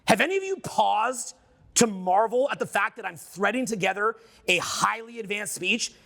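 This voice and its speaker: High, bright-voiced man pitching to a crowd. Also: normal speed, gravelly. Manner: animated, questioning the crowd, profane. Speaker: seminar speaker. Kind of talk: live seminar talk to an audience. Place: room with a live audience. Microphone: unamplified handheld mic.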